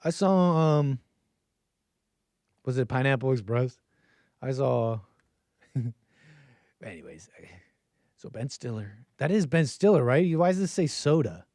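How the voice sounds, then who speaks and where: Laughing, rambling call-in show host. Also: male voice, medium pitch, animated, slow, pauses often, darkish tone, dry recording, studio quality. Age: adult with a child. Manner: rambling, joking, laughs often mid-sentence. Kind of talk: casual livestream commentary.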